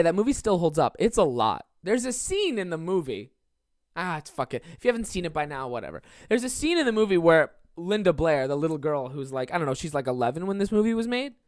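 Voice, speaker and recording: A mid-pitched podcast host riffs alone in a loose, comedic monologue, rambling from one aside to the next and swearing often. Quick put-on voices pop up to act out other people. The sound is dry and close, with no room echo. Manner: rambling, profane, many fillers and asides; acts out quoted people in shifting voices.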